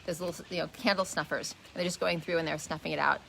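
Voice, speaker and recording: A woman explains a wellness lesson with a lowish, gravelly voice that has a bright, forceful edge. She talks earnestly, often stopping to restart or repeat a word. A faint background noise sits behind her. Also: steady tone, quick pace. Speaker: wellness teacher. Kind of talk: casual live teaching talk. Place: indoors, shifting light.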